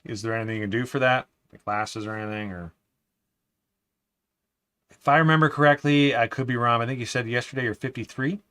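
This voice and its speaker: A man hosting a casual live stream from his desk, chatting easily, reading viewer comments aloud and often calling people "man", sometimes trailing into a quiet mutter while he builds. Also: mid-range voice, a little fast, pauses often.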